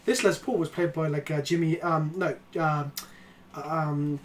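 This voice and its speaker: A man's voice: fairly high pitch, moderate pace. A young man streaming a card game, chatting casually and swearing a lot. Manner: sweary, excitable, breaks into shouting and laughter.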